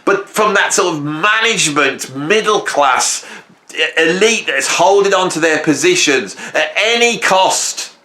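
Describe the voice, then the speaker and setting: A man's voice: fairly high pitch, animated, a little slow, bright, forceful tone, echoey room. A middle-aged man ranting on his own video channel, emphatic and angry, tossing in "right?" as he goes. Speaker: YouTuber. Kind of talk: ranting monologue.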